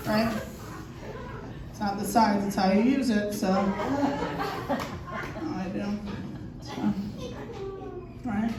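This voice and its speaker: A woman in her thirties doing a crude, animated stand-up comedy set on a comedy theater stage, acting out scenes in shouted voices. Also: mid-range voice. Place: comedy theater stage before a laughing audience. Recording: distant, echoey club recording with audience noise.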